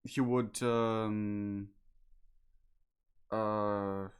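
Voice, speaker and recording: A man playing a tabletop game, describing his character's actions hesitantly, with many pauses and restarts. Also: lowish voice, level tone, clean tone. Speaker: player.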